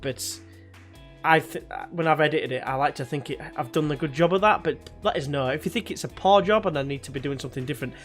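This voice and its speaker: A young man casually commentating his football management game, chatty and excitable, jumping between jokey asides and frustration. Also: fairly high pitch, quick pace, soft background music. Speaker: gaming YouTuber.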